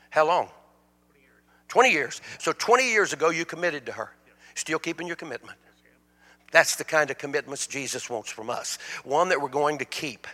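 A man's voice: fairly high pitch, pushed and bright. A man preaching a sermon as a guest speaker, in a plain-spoken, folksy way. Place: church sanctuary. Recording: long reverb of a church hall.

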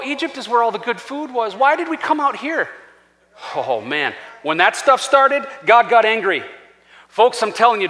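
A man pastor preaching a sermon in a church, animated and acting out scripture voices. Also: very high voice. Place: church sanctuary. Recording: long church-hall reverb.

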